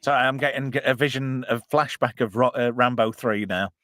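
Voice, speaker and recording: A podcast host runs a casual live film watch-along, chatty and jokey, heavy on fillers and reading the chat aloud. His medium-pitched, slightly bright voice moves fairly quickly, recorded in clean studio sound with no room sound.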